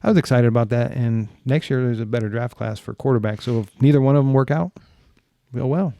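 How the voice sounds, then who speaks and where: Male podcast co-host, mellow voice, fast easygoing talker, dry close sound. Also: mid-range voice, no echo. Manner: easygoing, chatty about sports. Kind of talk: casual chat.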